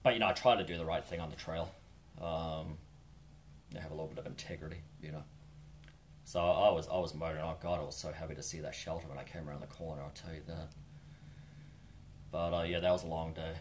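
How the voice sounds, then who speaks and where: A man's voice: rumbling low, steady tone, fast, slight background noise. A New Zealand man telling a laid-back, rambling, wry story from his long-distance hike. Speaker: hiker vlogger. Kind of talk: casual storytelling.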